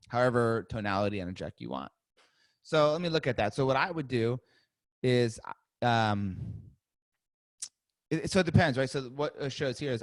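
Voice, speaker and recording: Man, thirties, live webinar host, energetic coaching talk, frequent laughs, mid pitch, dry close sound. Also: a little fast, no room sound. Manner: energetic, conversational, laughs often, acts out example calls.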